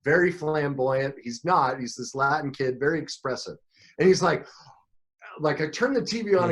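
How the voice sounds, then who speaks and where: A middle-aged man, a coach and podcast guest, telling his own story in an emotional, animated way, with frequent restarts. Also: a little high, moderate pace. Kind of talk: storytelling interview talk.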